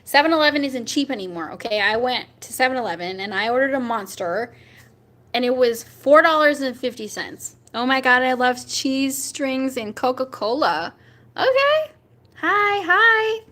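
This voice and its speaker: A young woman hosting a casual chat, talking with her viewers, rambling with fillers and jumping up in pitch when she reacts. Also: lively intonation, moderate pace, a bit bright. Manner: chatty and rambling, with many fillers and laughs. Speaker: livestream host chatting with viewers.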